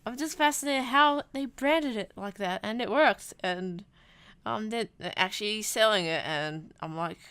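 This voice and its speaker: Brief: young female vlogger, chatty and rambly, smooth clear tone, dry recording. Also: medium pitch, measured pace, fairly bright tone, no echo. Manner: rambly, self-deprecating, lots of ums and restarts. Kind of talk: rambling travel vlog chat.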